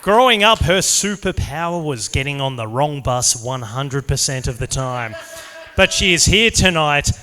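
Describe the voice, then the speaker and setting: A man acting as the wedding MC, loudly introducing the next speaker to the crowd. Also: on the high side, animated, unhurried, long reverb tail, a little hiss or hum. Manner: loud, upbeat announcer. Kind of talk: hyping up a crowd. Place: indoor wedding reception venue.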